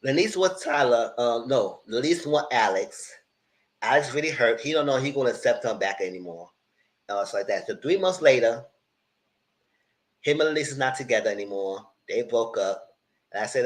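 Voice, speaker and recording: A man's voice: mid-range voice, moderate pace, low-quality recording. A man giving a casual, opinionated live recap of a reality show episode. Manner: animated, opinionated, talks straight to people. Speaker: TV show reviewer.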